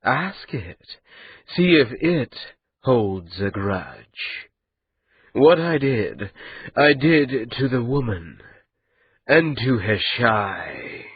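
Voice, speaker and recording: A cruel captive spirit , put on by a male narrator, drawls each word slowly and softly, calm and amused. The voice is a little husky, and the recording is dry and dull. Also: on the low side, no echo, exaggerated voice. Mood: coldly calm. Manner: slow, calm, mocking drawl.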